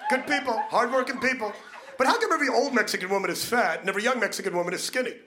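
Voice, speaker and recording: A man's voice: extremely high pitch, racing, background noise. A man doing a crude, brash stand-up comedy set, punching his lines.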